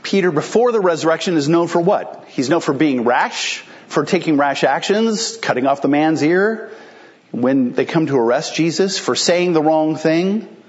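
A man's voice: a little high, expressive, normal speed, lo-fi sound. A male pastor preaching a sermon in a conversational, explanatory way, asking rhetorical questions and answering them.

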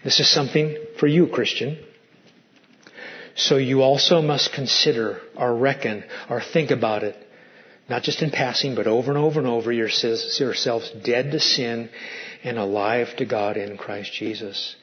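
A male pastor preaching a sermon with animated delivery, swinging from loud to hushed. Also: mid-range voice, moderate pace. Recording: muffled lo-fi sermon recording.

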